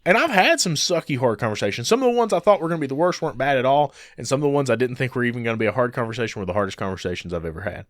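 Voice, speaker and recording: Animated man telling stories on a podcast. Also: medium pitch, racing, hardly any pauses, dry recording, clean studio sound. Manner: animated storyteller who acts out quoted people. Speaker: podcast co-host. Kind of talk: casual podcast chat.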